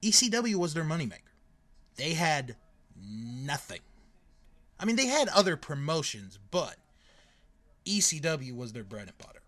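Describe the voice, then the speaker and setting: Lively man hosting a chat show. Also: a little high, moderate pace, long pauses. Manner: lively storyteller with frequent fillers and laughs. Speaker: podcast host. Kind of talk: casual podcast chat.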